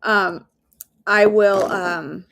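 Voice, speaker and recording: A woman's voice: mid-range voice, fairly even intonation, very slow, creaky, slight background noise. A woman hosting a daily devotional, talking earnestly and casually and leading a prayer from home. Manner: warm, earnest, conversational, with fillers and asides.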